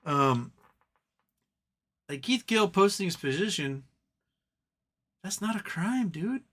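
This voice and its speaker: A man's voice: sits high, animated, a little slow, pauses often, a bit bright. A man hosting a casual live stream, ranting animatedly and mocking other people's voices as he quotes them.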